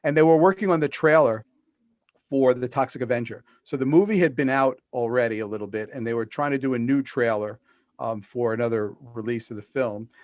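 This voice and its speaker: A man's voice: medium pitch, brisk, dry recording, lo-fi sound. A middle-aged man, the guest author, telling stories in an interview over a video call and acting out the quotes he tells. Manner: animated storyteller, acts out quotes.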